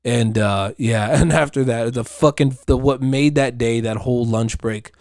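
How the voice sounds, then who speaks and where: A man tells stories in a loose, rambling monologue peppered with swearing and laughter. His voice sits at a medium pitch and is recorded close and dry, with no room sound. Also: moderate pace, darkish tone, dry recording. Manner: profane, rambling, with frequent laughs. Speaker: podcast host. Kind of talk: casual storytelling monologue.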